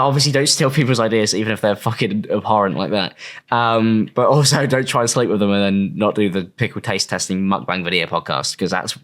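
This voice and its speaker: A man's voice: on the low side, a little fast, fairly bright tone. A young man, mocking and swearing freely in casual online commentary. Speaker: commentary YouTuber.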